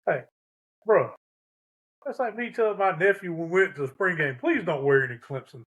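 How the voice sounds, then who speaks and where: A man co-hosting a podcast, chatting casually with quick, laughing reactions and relaxed Southern phrasing. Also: high-pitched. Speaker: podcast co-host. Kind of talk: casual chat.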